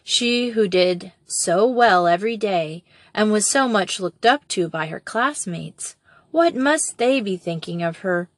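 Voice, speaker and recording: Woman, storybook narrator, gentle, expressive, dry close recording. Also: medium pitch, measured pace, dry recording. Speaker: audiobook reader.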